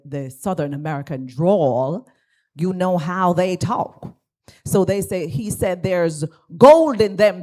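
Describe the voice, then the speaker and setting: A Jamaican woman pastor giving a lively speech at an awards ceremony in a church, drawing the audience into call and response. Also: deep voice. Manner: animated, engages the audience, asks for call and response. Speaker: guest speaker, pastor. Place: church hall.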